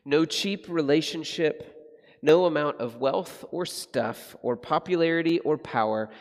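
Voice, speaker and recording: A man preaching a sermon, earnest and reflective, slowing and softening his voice on the solemn passages. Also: on the high side, big-room sound. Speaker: pastor.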